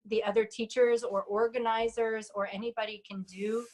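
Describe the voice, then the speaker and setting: Woman asking measured interview questions. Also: a little high, level tone, darkish tone.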